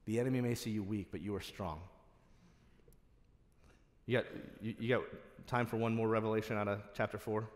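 A man's voice: on the low side, steady tone, brisk, long pauses. A male pastor delivering a sermon, passionate and building to emphatic exhortation. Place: church sanctuary. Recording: long reverb of a church hall.

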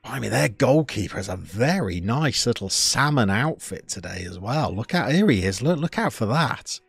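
Brief: streamer, mid-pitched, chatty, talks through game play over faint background music. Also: male voice, very animated, moderate pace, creaky, breathy edge, no room sound. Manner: chatty, reacts loudly to play, greets chat. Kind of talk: live game commentary.

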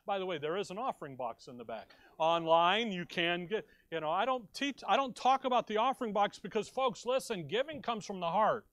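High-voiced preacher, dry close mic. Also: male voice, animated, brisk, hardly any pauses, fairly bright tone, dry recording. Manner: conversational preaching, rising to emphatic bursts. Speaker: pastor. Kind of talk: sermon. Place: church sanctuary.

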